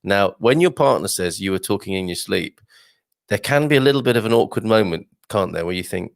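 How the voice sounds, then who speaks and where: A man hosts a casual morning live stream, rambling cheerfully through viewer comments with plenty of fillers and restarts. His mid-pitched voice has a gravelly edge. The sound is close and dry, with no room around it. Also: lively intonation, fairly quick, no echo. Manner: chatty, self-amused, with many fillers and restarts.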